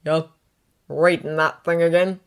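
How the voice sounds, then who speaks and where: A woman's voice: deep voice, little pitch movement, unhurried. A woman reading a fan story aloud while voicing a teenage boy wizard, a blunt and loyal friend, in an earnest, blurting way. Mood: sleepy teasing.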